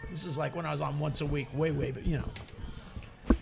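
A man, a comedian guest, telling rambling anecdotes in an animated, casual way and laughing often. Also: on the high side, moderate pace, vocal fry, over music. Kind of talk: casual storytelling. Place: bar or restaurant.

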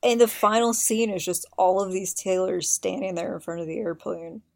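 A woman's voice: mid-range voice, fairly even intonation, moderate pace, creaky. A woman hosting a podcast, eagerly recounting scenes in detail with open admiration. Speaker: podcast host. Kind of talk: casual chat.

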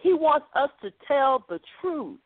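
A woman's voice: high voice, expressive, measured pace, no echo. A woman preacher delivering an earnest, conversational podcast sermon. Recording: dry, phone-like narrow sound.

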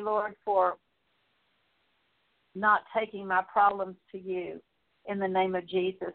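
A woman Bible teacher leading a prayer of confession in earnest, repetitive petitions with halting pauses. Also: medium pitch. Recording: tinny phone-like recording.

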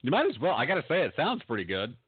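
A middle-aged man co-hosting a casual chat, trading dry, deadpan jokes. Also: medium pitch, racing, husky, dry recording, narrow, tinny audio. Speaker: podcast co-host.

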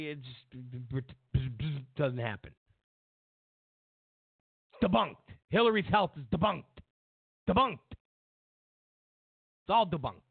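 A man's voice: sits high, dry recording. A man hosting a political commentary show, mocking and sarcastic, repeating lines for emphasis. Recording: tinny phone-like sound.

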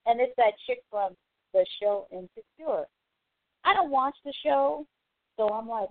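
Woman host, casual opinion rant, blunt and animated, dry phone-line sound. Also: on the high side, normal speed, no echo. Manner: animated, blunt, swears freely. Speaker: call-in show host. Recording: tinny phone-line audio.

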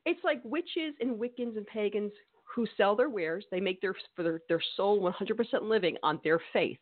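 A woman's voice: mid-range voice, expressive, normal speed, no room sound. A woman co-hosting a podcast, talking in an emphatic, scolding, opinionated way, with the odd laugh. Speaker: podcast co-host. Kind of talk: opinionated casual chat. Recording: tinny phone-like sound.

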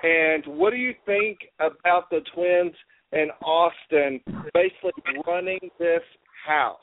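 A male host with a high voice leads a casual chat and fires off questions. The sound comes through a thin phone line, dry and close. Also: unhurried, no room sound.

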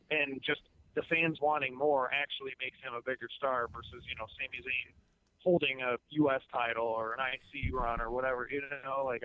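A man on a podcast reasons through his points at length, rambling and restarting as he goes. His voice is of middling pitch. The sound is slightly dull and lo-fi, and dry. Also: dry recording. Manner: rambling, analytical, many restarts. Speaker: wrestling podcast panelist. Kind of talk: casual chat.

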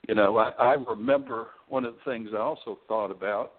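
A man's voice: on the low side, brisk. A man in his sixties, a former pro tennis player, reflecting at length as a radio guest. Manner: rambling and reflective, many restarts. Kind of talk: radio interview, reflective chat. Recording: tinny phone line.

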